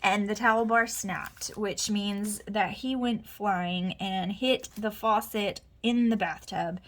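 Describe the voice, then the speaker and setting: A woman's voice: mid-range voice, steady tone, slow. A woman, chatting casually while she plans, telling a rambling story full of asides and mutters to herself. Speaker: planner vlogger. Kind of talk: casual chat while planning. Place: home.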